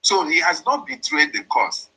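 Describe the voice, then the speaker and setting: A political commentary host plays a voice message and explains it line by line, emphatically repeating his points. His voice is a little high, bright, forceful, and husky, with animated delivery at normal speed, though the recording quality is low.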